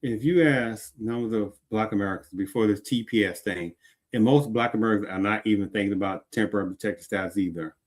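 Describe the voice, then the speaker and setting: A man's voice: on the low side, quick pace. A man hosting a show, giving heated commentary and repeatedly asking if the listener understands. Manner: emphatic, keeps asking "Do you understand?". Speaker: show host.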